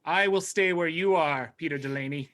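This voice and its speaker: A man's voice: a little high, normal speed, a bit bright, natural voice. A man voicing an odd, overly formal grown man who speaks in stiff, polite phrases.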